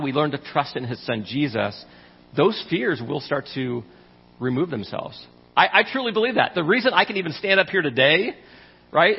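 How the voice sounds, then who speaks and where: A man gives a sermon in a slightly high, husky voice, talking with the congregation as much as at them and checking in with frequent asides. The recording is dull and lo-fi, and his voice rings out with a long reverb in a church sanctuary. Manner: conversational, frequent "right?" asides, repeats himself. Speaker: preacher.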